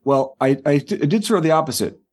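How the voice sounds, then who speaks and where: A middle-aged man, an author and guest, telling animated anecdotes quickly and repeating words as he goes. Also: on the high side, husky. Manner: quick, repeats words and acts out quoted people.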